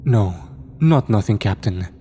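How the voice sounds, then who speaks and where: Arrogant male scientist, voiced by a man, low pitch, dark mellow voice, confident lecturing. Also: lively intonation, measured pace, a little hiss or hum. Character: arrogant male scientist, self-important and obsessive.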